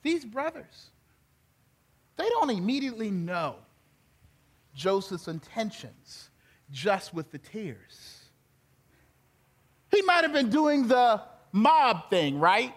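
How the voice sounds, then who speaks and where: A male pastor, preaching an animated sermon that swings from soft to loud and grows emotional. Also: high-pitched, takes it slowly, long pauses. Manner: gets emotional and laughs while speaking.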